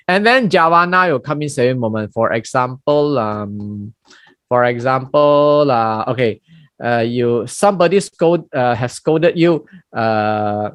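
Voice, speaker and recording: A middle-aged man giving a dharma talk in a lecture room, animated and acting out everyday scenes with colloquial exclamations, with many fillers and restarts. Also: mid-range voice, measured pace, smooth, dry recording. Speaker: Buddhist teacher.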